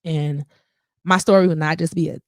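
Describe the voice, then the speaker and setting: A woman's voice: deep voice, steady tone, normal speed, no room sound, studio quality. A woman guest in a casual interview, telling her story with animation and acting out what people said.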